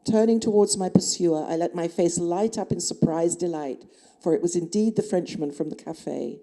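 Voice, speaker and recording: Low, dark-voiced woman reading aloud. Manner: measured, expressive first-person reading. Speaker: author. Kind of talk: reading aloud from her own novel. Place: literary festival event.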